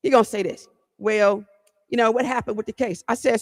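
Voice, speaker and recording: A woman's voice: a little high, fairly even intonation, fairly quick. A woman host from the Cleveland area, telling a story on her podcast in a blunt, fired-up way, swearing, repeating herself and talking straight to her listeners. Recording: long hall-like reverb.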